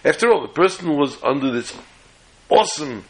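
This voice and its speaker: A man's voice: fairly high pitch, expressive, normal speed, rough recording. A man giving a Torah class lecture, explaining step by step and often restarting or rephrasing words mid-sentence. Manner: tells jokes as illustrations. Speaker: Torah teacher.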